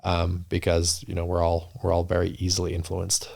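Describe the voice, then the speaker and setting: A deep-voiced man with a gravelly edge to his voice. He speaks in an even, steady line as a podcast guest. He is earnest and reflective, and he often circles back and restarts his thoughts. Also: fairly quick. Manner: earnest, reflective, many restarts and "you know". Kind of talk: casual interview talk.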